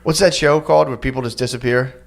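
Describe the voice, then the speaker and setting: A man in easy podcast chat, his voice sitting at an ordinary middle pitch. He rambles loosely and swears freely as he tells a story, with a casual, unpolished manner. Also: fairly even intonation, quick pace, vocal fry. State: new father. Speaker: podcast co-host.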